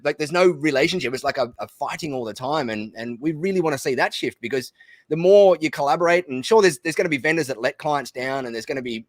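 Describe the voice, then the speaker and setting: A man with an Australian accent, talking quickly and energetically as a guest in a casual podcast conversation, often restarting his sentences. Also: mid-range voice, dry recording. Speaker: guest, business community founder.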